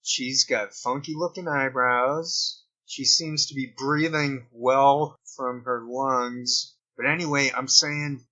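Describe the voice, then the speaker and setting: A man's voice: medium pitch, takes it slowly, few pauses, bright, forceful tone, highs cut off. A man vlogging in an improvised, rambling way full of digressions and wry asides. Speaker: video blogger. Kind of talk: improvised commentary vlog.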